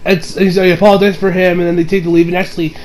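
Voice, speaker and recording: A man's voice: high voice, level tone, rapid-fire, a little mellow, slight background noise, poor audio. A man casually reviewing an anime episode, rambling with many fillers and frequent laughs.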